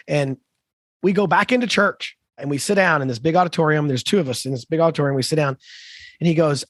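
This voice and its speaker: Brief: fifties man, podcast co-host, animated storyteller, higher voice, dry close sound. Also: fast talker, dry recording. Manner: animated, lively anecdote-telling with emphatic asides. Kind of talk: conversational storytelling.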